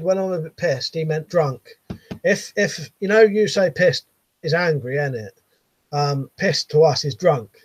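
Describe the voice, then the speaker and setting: This slightly high, somewhat rough voice belongs to an English man in his late thirties streaming a casual live chat from his bedroom. He reads his viewers' messages and responds with easy, laughing banter. The recording is dry.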